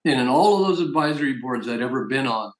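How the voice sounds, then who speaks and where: A man's voice: mid-range voice, lively intonation, fast, reverberant, poor audio. A man giving a persuasive, emphatic business opportunity presentation as a network marketing presenter. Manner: persuasive, emphatic sales talk.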